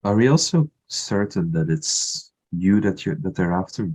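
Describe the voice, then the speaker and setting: A man's voice: low voice, animated, measured pace, darkish tone, husky. A man playing a tabletop game who keeps raising skeptical questions. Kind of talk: casual chat at a game table.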